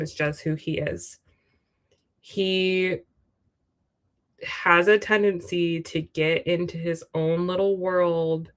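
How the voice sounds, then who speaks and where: Slow, low-voiced woman reading tarot. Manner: chatty, full of "like" and "you know"; speaks straight to the viewer. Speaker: tarot reader. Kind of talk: casual livestream tarot reading.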